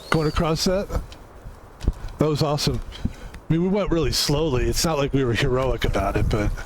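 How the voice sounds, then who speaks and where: A man's voice: on the high side, a little hiss or hum. A man streaming a video game and musing aloud in casual, rambling commentary.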